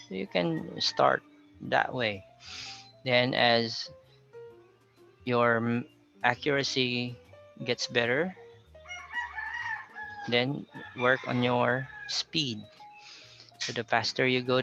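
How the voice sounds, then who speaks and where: A male pronunciation teacher with a Filipino English accent reads example phrases slowly and deliberately. His voice is bright with a gravelly edge. The audio is slightly muffled, with faint music underneath. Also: mid-range voice. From Philippines. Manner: slow, careful model readings of example phrases. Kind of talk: accent training lesson.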